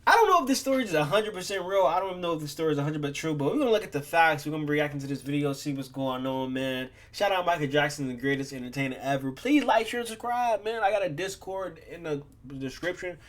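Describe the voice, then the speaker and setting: A man's voice: a little high, expressive, quick pace, hardly any pauses, fairly bright tone. A man hosting a reaction video, talking in a laid-back, slangy way. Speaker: reaction channel host. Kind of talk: casual reaction chat.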